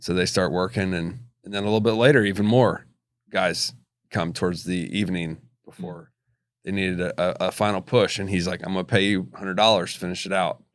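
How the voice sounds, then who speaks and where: A man co-hosting a casual faith podcast, retelling a story haltingly with many restarts. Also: sits low, fairly even intonation, no echo, clean studio sound. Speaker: podcast co-host.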